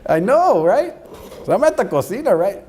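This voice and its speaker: 男声，语调起伏丰富的讲述者. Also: male voice, sits high, moderate pace, a little hiss or hum. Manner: animated storyteller, mixes Spanish phrases. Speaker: speaker addressing college staff. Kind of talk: storytelling keynote talk.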